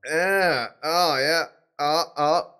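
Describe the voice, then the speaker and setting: A man's voice: a little high, drawn-out words, pushed and bright, clean tone. A young man co-hosting a podcast, laid-back and teasing, swearing a lot in casual chat. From United States. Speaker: podcast co-host.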